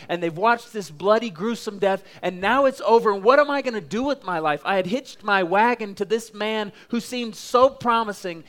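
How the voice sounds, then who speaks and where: Emphatic preacher, a man from Oklahoma. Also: a little high. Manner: emphatic, dramatic, builds with repetition. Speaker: pastor. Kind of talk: sermon.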